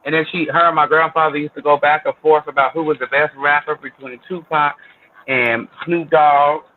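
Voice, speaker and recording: A man's voice: a little high, fairly even intonation, moderate pace. A man, chatting casually as co-host in a laid-back, colloquial way with short agreeing replies. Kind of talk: casual chat. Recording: tinny phone-like line with faint noise.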